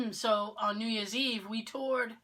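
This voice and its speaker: Podcast co-host, woman from Massachusetts, clear bright tone, a storyteller who acts out the other voices. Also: on the high side, fairly even intonation, slow. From Massachusetts, near Cape Cod. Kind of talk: casual chat.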